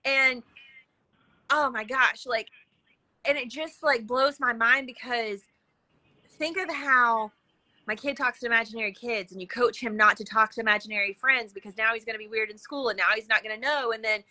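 A woman with a fairly high, very bright and clear voice, chatting as a podcast guest. She tells her stories with lively energy, slipping into the voices of the people she quotes. Her talk is loose and full of casual fillers. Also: normal speed, low-quality recording. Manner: lively, acts out quoted dialogue with many fillers. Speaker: interview guest, intuitive coach. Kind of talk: animated conversational storytelling.

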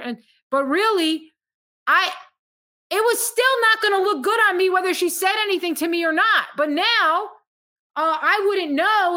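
High bright-voiced woman, emphatic storyteller. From Montenegro. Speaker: guest comedian. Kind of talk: casual podcast chat.

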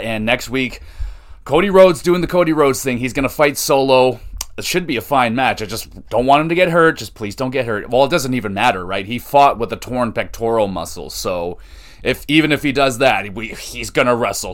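A man hosting a wrestling podcast, recapping shows in an excitable, chatty way with lots of fillers. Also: medium pitch.

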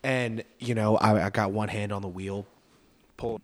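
A young man co-hosting a podcast, telling a story in lively casual chat with many restarts. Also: fairly low pitch, a little slow. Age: young adult. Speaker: podcast co-host.

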